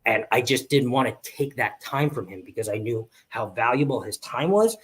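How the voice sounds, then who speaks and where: Male co-host, casual storyteller, animated, mid-pitch. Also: normal speed. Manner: animated storyteller, acts out quotes in a high voice. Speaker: podcast co-host.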